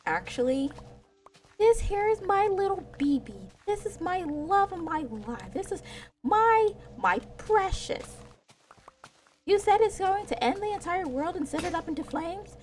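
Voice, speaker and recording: A woman doing a high gushing doting parent. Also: animated, unhurried, far from the mic, soft background music. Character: doting overprotective parent gushing over baby.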